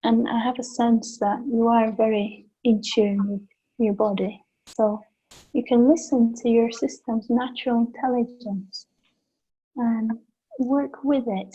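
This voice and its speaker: A woman facilitating a gentle guided session, speaking softly and soothingly with simple images. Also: on the high side, slightly rough, lo-fi sound. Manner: soft, slow and soothing, with imagery. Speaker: energy work facilitator.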